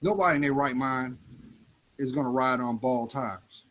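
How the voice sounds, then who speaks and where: A man's voice: medium pitch, moderate pace, fairly bright tone, poor audio. A man delivering a preachy spoken-word monologue, confronting the listener with rhetorical questions.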